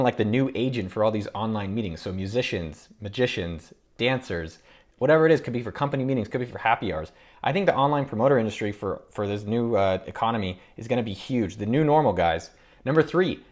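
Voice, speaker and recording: Man, thirties, entrepreneur host, rapid delivery, mid-pitched voice, upbeat, home office video talk. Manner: upbeat, quick, listing ideas with enthusiasm. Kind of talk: casual talk to camera.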